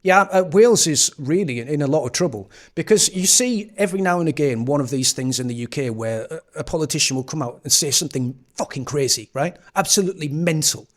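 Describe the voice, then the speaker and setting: A man's voice: a little high, animated, fairly quick, few pauses. Sarcastic man hosting a live stream. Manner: sarcastic, swears often. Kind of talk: casual reaction commentary.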